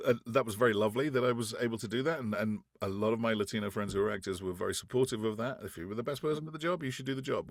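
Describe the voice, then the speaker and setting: A man from France, a guest actor, telling animated stories in an interview, acting out quotes with restarts along the way. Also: lowish voice, no echo, studio quality. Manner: animated anecdotes, acts out quotes, frequent restarts. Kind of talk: casual interview storytelling.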